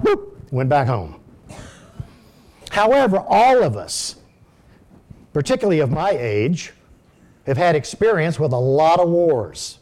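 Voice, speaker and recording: A man's voice: fairly high pitch, very animated, unhurried, long pauses, a little mellow. An older man telling folksy personal stories in a sermon, speaking directly to his congregation. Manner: folksy storytelling, addresses the audience directly.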